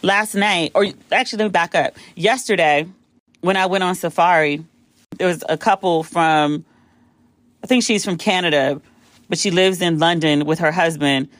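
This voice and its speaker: A woman from the United States hosting a podcast, telling a story casually and acting out the quotes with big jumps in pitch. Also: normal speed, no echo. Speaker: podcast host.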